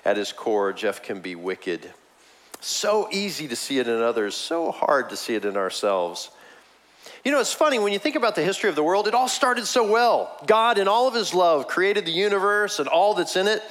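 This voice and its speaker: Animated man preaching a sermon. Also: normal speed. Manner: animated, swinging between high emphatic lines and low quiet ones; conversational, with asides and chuckles. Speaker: pastor.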